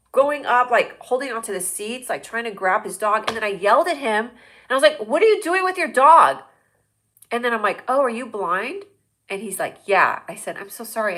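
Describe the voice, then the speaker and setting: Woman host, thirties, bright forceful voice, rambling excitable storyteller. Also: medium pitch. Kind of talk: casual live-stream storytelling.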